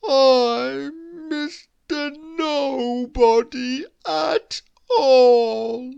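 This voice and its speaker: A woman voicing a mournful, see-through little man who sobs his words in a slow, melancholy drawl. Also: high-pitched, gravelly, a little mellow, dull audio, voice pushed up, full character voice. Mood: mournful sobbing.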